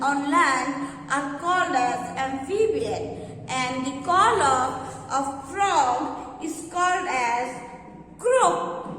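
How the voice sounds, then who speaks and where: A woman's voice: sits high, fairly bright tone, slight background noise. A woman teaching young children, spelling words out letter by letter and repeating each answer twice. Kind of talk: children's lesson. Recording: roomy, echoing hall.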